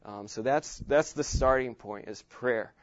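A man's voice: medium pitch, a little slow, dry recording, dull audio. A man giving a casual Bible lesson, speaking plainly and often restarting his sentences with fillers. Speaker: teacher. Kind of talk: Bible teaching.

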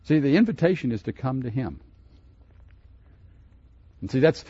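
Husky-voiced man preaching a sermon. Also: mid-range voice, big pitch swings, unhurried, long pauses, a little mellow, no echo, lo-fi sound. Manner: conversational preaching with rhetorical questions, emphatic rises. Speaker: pastor.

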